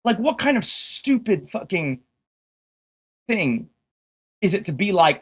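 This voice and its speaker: A man's voice: sits high, sing-song, slow, pauses often. A man ranting to his livestream viewers, swearing heavily and firing rhetorical questions at them in an exasperated, combative way. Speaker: streamer.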